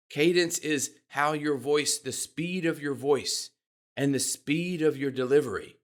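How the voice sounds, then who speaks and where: Expressive man coaching on podcast speaking. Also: measured pace. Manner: expressive, demonstrates pitch and pace changes. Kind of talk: instructional talk to camera.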